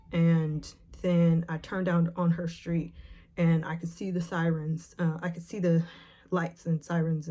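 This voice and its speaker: A woman vlogger retelling a painful memory, emotional and nervous, with halting speech full of fillers and restarts. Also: lowish voice, a little mellow. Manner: retells scenes by acting out the quotes. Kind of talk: personal storytelling to camera.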